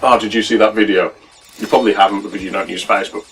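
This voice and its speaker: A man's voice: on the low side, fairly even intonation, racing, a bit bright. A young man co-hosting a let's play, chatting casually and explaining game mechanics at length. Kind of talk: casual gameplay commentary. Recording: distant mic with game music behind.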